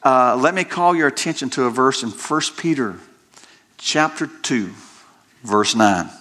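A man's voice: medium pitch, unhurried, pushed and bright. A middle-aged male pastor preaching a sermon, emphatic and folksy, repeating phrases and breaking into conversational asides.

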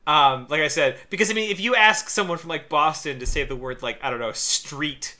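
Podcast co-host, male, higher than most men, very bright tone, animated rant delivery in casual chat. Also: fairly quick. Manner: animated, ranting, laughs between words.

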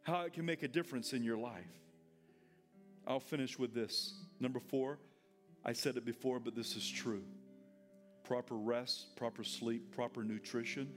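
A man preaching a sermon in church, leading the congregation in call and response and building up to shouted lines. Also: medium pitch, fairly even intonation, moderate pace, soft background music. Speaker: pastor.

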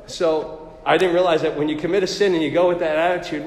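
A man's voice: a little high, a little fast, darkish tone. A middle-aged man telling a personal faith story in a chatty, self-deprecating way, full of fillers. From New Jersey. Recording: roomy with long reverb.

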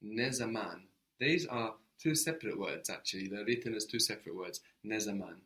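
A man's voice: lowish voice, normal speed, pushed and bright. A man teaching a language lesson, explaining step by step and prompting his student to answer.

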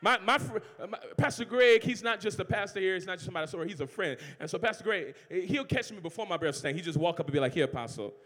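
A man from New Orleans with a New Orleans accent, preaching a sermon. He shouts and uses call-and-response, with jokes between points. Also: high voice, quick pace, hardly any pauses. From New Orleans, Louisiana. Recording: long reverb of a large hall.

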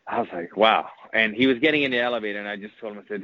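A man's voice: lowish voice, very fast, hardly any pauses, no room sound. A retired fighter telling an emotional story in a casual interview, rambling and repeating words as he goes. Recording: muffled lo-fi audio.

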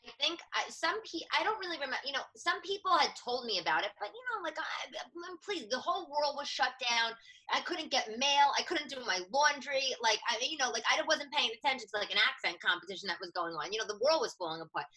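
A woman in her thirties with a New York accent, a stand-up comic chatting on a podcast, loud and a bit nasal, with many quick restarts. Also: high voice, rough recording. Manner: fast, animated, many restarts. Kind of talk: casual podcast chat.

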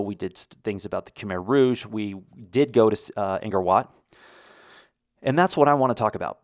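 In studio-quality audio without echo, a middle-aged American podcast host from the United States speaks in a lowish voice. His talk is a casual, slightly rambling monologue with restarts.

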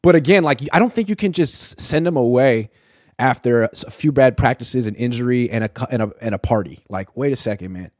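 A man's voice: medium pitch, dry recording. Emphatic male sports host, dry sound. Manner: emphatic, rapid interjections of agreement. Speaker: podcast host. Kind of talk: casual sports talk.

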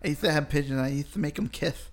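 Casting: man doing a high, gentle-voiced tough boxer, gravelly edge. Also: quick pace, natural voice. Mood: mock gentle. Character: impression of a famous boxer, soft-spoken tough man.

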